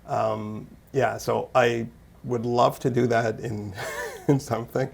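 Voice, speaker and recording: A man's voice: medium pitch, level tone, takes it slowly, creaky, a little hiss or hum. A man talking casually as an interview guest, rambling and self-deprecating, laughing often. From Canada. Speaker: interview guest, actor and musician.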